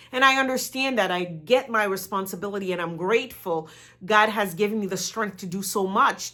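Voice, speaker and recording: A woman's voice: mid-range voice, a bit bright. A woman giving a motivational talk, earnest and encouraging, repeating phrases for emphasis. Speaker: motivational speaker.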